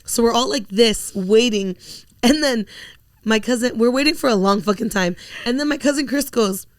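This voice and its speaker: Animated young woman telling gossip. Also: fairly high pitch, normal speed, no room sound. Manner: animated, swears freely, acts out quotes. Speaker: podcast co-host. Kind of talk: casual chat, storytelling.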